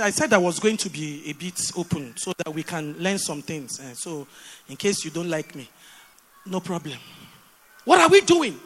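A Nigerian woman preaching a sermon, animated and full of repeated rhetorical questions. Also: mid-range voice, in a large hall.

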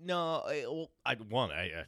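Animated, foul-mouthed male podcast host. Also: mid-range voice, measured pace, no room sound, studio quality. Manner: crude, animated, swears freely. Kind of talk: casual comedic chat.

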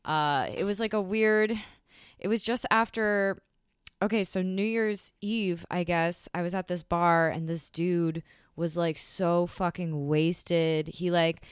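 A woman's voice: on the low side, takes it slowly, clean tone, no room sound, clean studio sound. Swearing woman telling a dating story. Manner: swears a lot, animated retelling. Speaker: guest. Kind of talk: casual storytelling.

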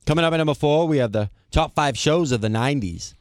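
A man's voice: on the high side, quick pace, no room sound, studio quality. A young man, co-hosting a casual podcast, bantering in a laid-back way and reading the show's rundown. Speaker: podcast co-host. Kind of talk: casual chat.

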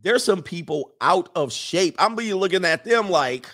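A man's voice: high voice, lively intonation, normal speed, fairly bright tone. A man hosting a casual livestream, reading viewer comments and rambling through blunt opinions with frequent laughs.

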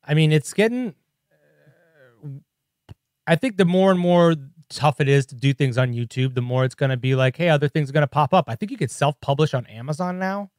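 A man's voice: fairly high pitch, lively intonation, normal speed, a little mellow, no room sound, studio quality. Rambling, laid-back podcast co-host man. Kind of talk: casual podcast chat. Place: podcast studio.

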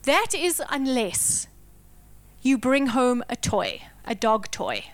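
A woman preaching with a high, smooth voice. She delivers her sermon dramatically, swinging between hushed, intense whispers and loud, emphatic declarations. The sound is close and dry. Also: sing-song, slow pace, no room sound.

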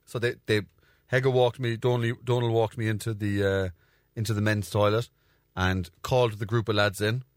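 Irish comic host, young guy, low voice, dry close sound, rambling and crude. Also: steady tone, normal speed, dry recording. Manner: rambling, crude, swears freely, acts out voices in a high pitch. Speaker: comedian podcast host. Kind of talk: casual storytelling monologue.

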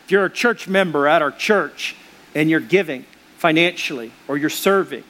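High-voiced man preaching earnestly. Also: moderate pace, a bit bright. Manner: earnest, emphatic, addresses listeners directly; drives points home by repetition. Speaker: pastor. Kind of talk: sermon.

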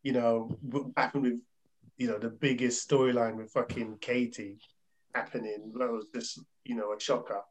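A man's voice: medium pitch, level tone, normal speed, low-quality recording. A man co-hosting a casual comics podcast, swearing freely and talking with enthusiasm. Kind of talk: casual chat.

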